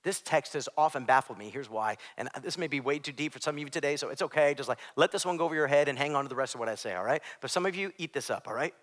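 High-voiced preacher in a reverberant hall. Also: male voice, racing, hardly any pauses. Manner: dynamic preaching, swings from loud shouting to hushed near-whispers. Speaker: pastor. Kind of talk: sermon.

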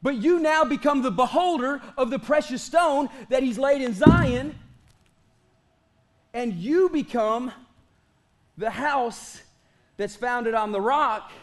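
High-voiced energetic preacher man in his late 30s. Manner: energetic preaching, slows for drawn-out emphatic lines, jokes with the congregation. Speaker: pastor. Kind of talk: sermon.

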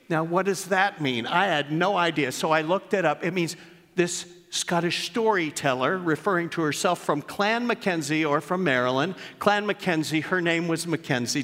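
A man's voice: fairly high pitch, normal speed. An older man, a pastor, preaching a sermon in earnest storytelling fashion in a church. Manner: earnest, warmly storytelling, rises when reading aloud. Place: church sanctuary. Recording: long reverb of a church hall.

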